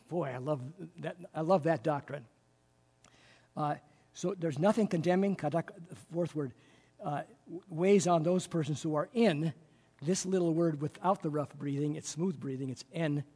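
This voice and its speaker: A man's voice: fairly high pitch, a little mellow, slightly rough. A man teaching a Bible class, explaining word meanings with enthusiasm and frequent fillers, recorded in a reverberant room.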